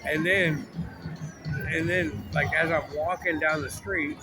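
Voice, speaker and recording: Brief: man, slightly high voice, rambling profane storyteller, music clearly behind. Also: fairly even intonation, slow. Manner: rambling, profane, full of "like" and restarts. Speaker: vlogger.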